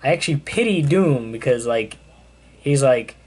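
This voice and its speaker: A man's voice: medium pitch, lively intonation, moderate pace, a little mellow, slightly rough. A young man casually recapping a comic in a loose, rambling way with lots of fillers. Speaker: comic book reviewer. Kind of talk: casual chat.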